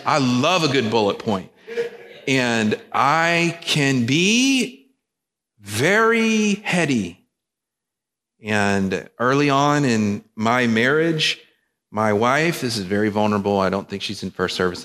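A man's voice: mid-range voice, a bit bright. A male pastor preaching a sermon, emphatic and repetitive, with joking asides. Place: church sanctuary. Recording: long reverb of a church hall.

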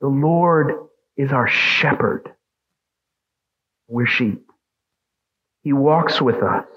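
A man's voice: medium pitch, extremely slow, a bit bright, dull audio. A man preaching a sermon as pastor, emphatic and asking the congregation questions.

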